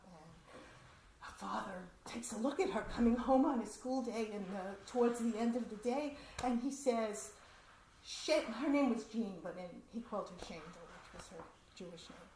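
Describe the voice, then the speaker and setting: A woman storyteller telling a personal family story in a conversational, animated way. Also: medium pitch, slight background noise. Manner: conversational, animated, laughs often. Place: community center hall. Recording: roomy hall echo, faint ambience.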